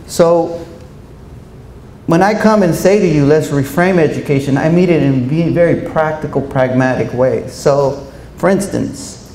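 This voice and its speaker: A man giving a storytelling speech to an audience of educators in a large hall, speaking in an animated way and acting out quoted voices. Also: a little high, measured pace. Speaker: keynote speaker. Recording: echoey hall, faint room noise.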